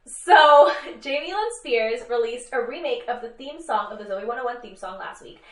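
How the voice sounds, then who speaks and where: Young female co-host, lively storyteller, slightly high, roomy off-mic sound. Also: normal speed. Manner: animated, lots of fillers, acts out quotes. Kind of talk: casual news recap chat. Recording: roomy and a bit distant from mic.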